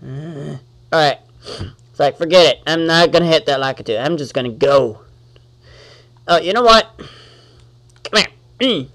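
A man giving let's-play commentary on his gameplay, talking to the enemies on screen and quickly getting annoyed. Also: on the high side, lively intonation, a bit bright. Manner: talks to the enemies on screen, easily annoyed, exclaims.

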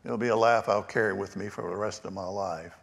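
A man preaching a storytelling sermon as pastor, with shifting emphasis and hushed asides. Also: fairly low pitch, fairly even intonation, fairly quick, gravelly. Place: church sanctuary. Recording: long church reverb.

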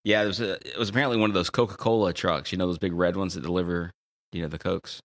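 Middle-aged guy on a podcast, quick talker, lowish voice, cracking dad jokes. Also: steady tone. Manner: dad-joke teller, playful. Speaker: podcast co-host. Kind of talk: casual chat.

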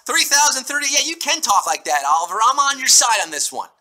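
A man's voice: very high voice, big pitch swings, fast, few pauses, bright, forceful tone, low-quality recording. A man hosting a live trivia game show, reading questions and answers in a playful, punning way and breaking into bits of song. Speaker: quiz show host.

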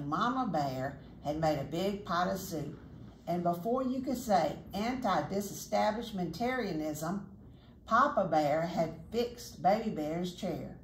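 A woman reading a children's picture book aloud as a chatty storyteller, pointing out the pictures as she goes. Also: lowish voice. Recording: echoey room, faint noise.

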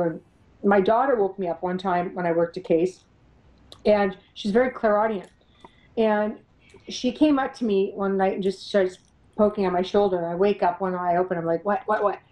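As an interview guest, a middle-aged paranormal investigator recounts her experiences in a mid-range voice at a moderate pace. Animated and laughing a lot, she acts out what others said. The audio is poor.

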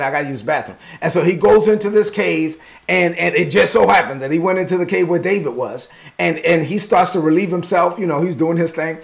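A man pastor preaching a sermon in a lively, conversational way with bits of slang. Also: high voice, vocal fry.

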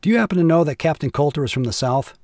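A man's voice: a little high, expressive, very fast, a little mellow, no room sound, studio quality, pitched above the performer's own voice. A man doing a gossiping staff officer. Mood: confiding. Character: gossiping middle-aged male staff officer.

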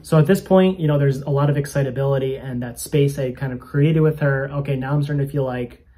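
Brief: male spiritual coach, mellow and husky, conversational testimony for his channel. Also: mid-range voice, fast talker. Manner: earnest, conversational, self-conscious. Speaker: spiritual coach and video host. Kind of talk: personal faith testimony to camera.

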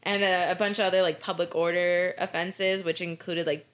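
A woman's voice: lowish voice, fairly even intonation, moderate pace, fairly bright tone. Irreverent American woman podcasting about true crime. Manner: irreverent, swears freely, laughs often. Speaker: podcast co-host.

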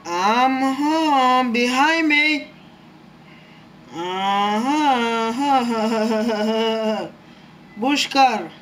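High-pitched, slow-talking excitable young man. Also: slight background noise. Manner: excitable, swearing, jumpy and nervous. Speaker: gaming YouTuber. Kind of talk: live gameplay commentary.

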